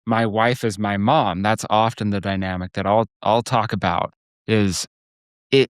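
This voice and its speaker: A man's voice: lowish voice, steady tone, measured pace, clear, resonant tone, no room sound, clean studio sound. A man hosting a podcast, talking in an earnest, conversational way and often checking in with "right?". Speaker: podcast host. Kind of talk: casual conversational interview.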